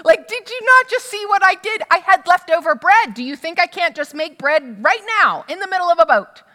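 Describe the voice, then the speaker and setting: Woman putting on a fed-up, scolding grown man, high, loud, incredulous, hall reverb. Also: lively intonation, fairly quick, heavily acted. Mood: exasperated. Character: exasperated adult male teacher losing patience.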